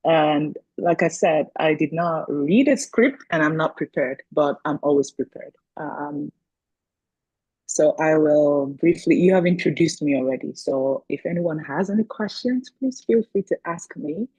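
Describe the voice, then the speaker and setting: A woman's voice: deep voice, a little slow, darkish tone, breathy edge, no room sound, highs cut off. A woman speaking as a guest on a video call, telling stories in a chatty way and laughing between points. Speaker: guest speaker, parent coach. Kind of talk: casual talk on a video call.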